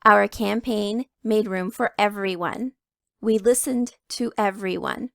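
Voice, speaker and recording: A woman reads a children's picture book aloud in the first person, leaning into key words with clear emphasis. Her voice carries a gravelly, fry-edged texture at a middling pitch, and the sound is close and dry with no room around it. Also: slow, no room sound. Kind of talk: read-aloud storytelling.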